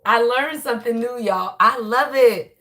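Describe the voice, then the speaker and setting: A woman hosting a casual spiritual reading livestream, talking to viewers in an animated, chatty way with a tired, strained voice. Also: fairly high pitch, measured pace. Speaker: spiritual reader and channel host.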